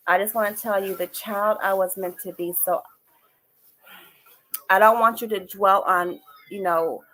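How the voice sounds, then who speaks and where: An older woman with a lowish voice hosts a live stream podcast where she reads oracle cards. She speaks directly to her viewers, warm and emphatic, encouraging them and repeating phrases. The recording quality is low.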